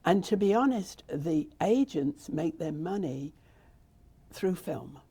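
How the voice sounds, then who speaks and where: A woman's voice: fairly low pitch, expressive, slow pace, warm tone, breathy edge. An older woman with a British accent, telling her story in a rambling, conversational way during an interview. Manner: rambling, with frequent restarts and asides. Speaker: interviewee, theatre founder.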